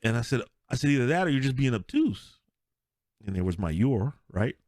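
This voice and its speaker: Animated man telling sports stories. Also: mid-range voice, a little fast, dry recording, studio quality. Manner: animated storyteller, laughs often, acts out quotes. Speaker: podcast co-host. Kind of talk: casual sports chat.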